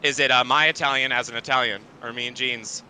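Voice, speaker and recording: A man giving joking, excitable color commentary on a sim racing broadcast. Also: mid-range voice, fast, slight background noise.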